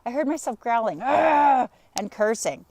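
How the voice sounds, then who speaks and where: A woman life coach on a live stream, telling an animated personal story and greeting viewers by name. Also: medium pitch, measured pace. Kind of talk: live-streamed motivational talk.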